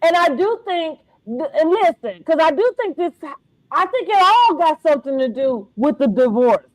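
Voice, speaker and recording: Brief: middle-aged woman host, high bright voice, slangy animated chat, dry close sound. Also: moderate pace, dry recording, low-quality recording. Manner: animated, slangy, laughs often. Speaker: podcast host. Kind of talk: casual reality-TV recap chat.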